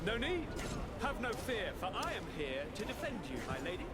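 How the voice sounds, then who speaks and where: An actor playing a cheerful, flamboyant young noble governor with a theatrical, courtly way of talking. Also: male voice, fairly high pitch, very animated, a little slow, a crowd in the background. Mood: gallant. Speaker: new governor arriving in a colony city. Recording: game audio with loud ambient noise.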